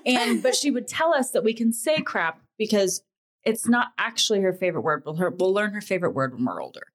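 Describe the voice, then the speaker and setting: A woman from Texas, a podcast guest with a mid-pitched voice. She tells family stories in an animated way, laughing often and slipping into voices as she quotes people. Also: a little fast. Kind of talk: casual chat.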